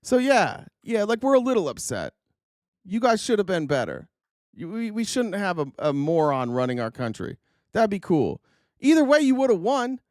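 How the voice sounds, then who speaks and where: A man's voice: high voice, very animated, normal speed, a little mellow, no echo, clean studio sound. A man hosting a political livestream, ranting in a heated, profane and sarcastic way, and often restarting his sentences mid-thought.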